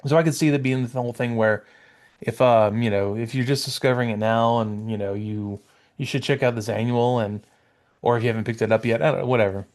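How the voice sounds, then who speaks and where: A man's voice: mid-range voice, fairly even intonation, fast, a little mellow. A man co-hosting a podcast, chatting casually about comics and wandering through his points. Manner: rambling, with many fillers and restarts. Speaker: podcast co-host.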